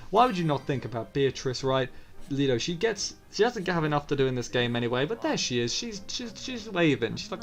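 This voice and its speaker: Gravelly man rambling over gameplay. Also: a little high, sing-song, fairly quick, faint music behind. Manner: rambling, jokey, often restarts sentences. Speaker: gameplay commentator. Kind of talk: casual let's-play commentary. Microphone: close microphone.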